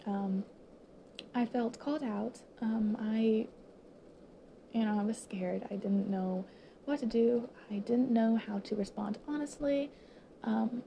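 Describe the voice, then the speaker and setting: A teenage girl speaks to her viewers through tears, her voice choked and halting, often sinking into a whisper. Her tone is low in brightness and mellow, with a gravelly creak running through it. She pauses often, searching for words. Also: a little hiss or hum. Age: late teens. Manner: halting, full of pauses and fillers, drops into whispers. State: teary, choked up. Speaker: high school student. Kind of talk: emotional personal monologue to viewers.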